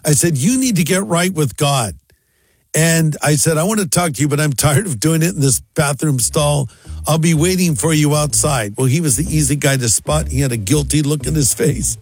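A man's voice: fairly high pitch, moderate pace, breathy edge, dry recording. A male pastor telling a story and acting out both sides of a conversation, with faint music underneath. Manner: animated, acts out both sides of dialogue. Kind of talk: storytelling talk.

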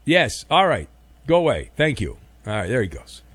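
A man's voice: mid-range voice, wildly swooping pitch, moderate pace, fairly bright tone, slightly rough, no echo. A man hosting a sports talk radio show, chatty and wry, reading listener messages and taking calls. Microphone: studio microphone.

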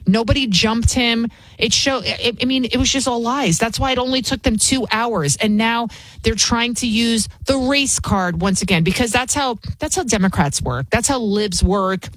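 A woman's voice: a little high, moderate pace, a bit bright, dry recording, low-quality recording. Woman host ranting, heated and scornful, dry close sound. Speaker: political commentary host. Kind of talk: opinion commentary.

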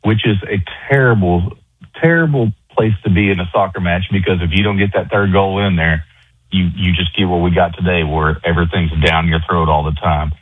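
A low-voiced man with a husky, breathy tone calls into a radio show. He talks casually, stumbling and repeating words. The sound is thin and tinny, like a phone line. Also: fairly quick, no echo. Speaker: radio caller. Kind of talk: casual call-in chat.

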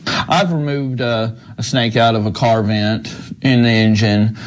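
A man, an animal control officer, answering a news interview in a plain, halting way. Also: medium pitch, steady tone.

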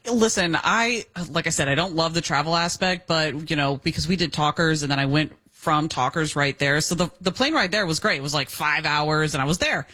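A woman from the United States chatting casually as co-host of a talk show, animated and quick to laugh. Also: deep voice.

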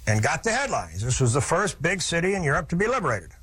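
A man's voice: a little high, sing-song, fast, fairly bright tone, husky. A man telling a historical story in a folksy, vivid lecturing manner, with asides to his listeners.

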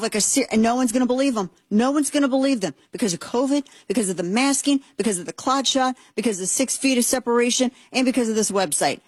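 A woman hosting a talk show, giving comedic political commentary in a sarcastic, excitable, animated way. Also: on the high side, breathy edge, no room sound.

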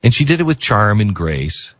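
Husky-voiced talk show host. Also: male voice, fairly low pitch, very animated, normal speed, a bit bright, dry recording. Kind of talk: casual talk radio commentary.

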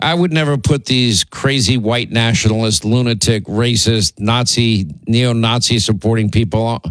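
A man's voice: mid-range voice, dry recording. Indignant male talk radio host, dry studio. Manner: indignant, rambling with restarts.

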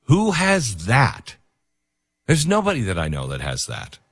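Husky-voiced male talk-radio host. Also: medium pitch, wildly swooping pitch, a little slow, dry recording, clean studio sound. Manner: rambling, lots of fillers and restarts. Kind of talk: casual emotional talk-radio commentary.

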